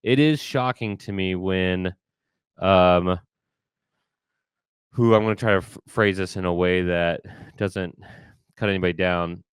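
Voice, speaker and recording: Emphatic low-voiced male podcast host. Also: unhurried, long pauses, clean tone, dry recording, clean studio sound. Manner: animated, emphatic, frequent restarts. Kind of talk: conversational interview.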